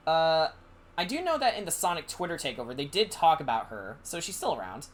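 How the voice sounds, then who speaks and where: A man's voice: a little high, sing-song, brisk. A man chatting casually on a live stream, rambling and hesitant with many fillers. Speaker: livestreaming artist.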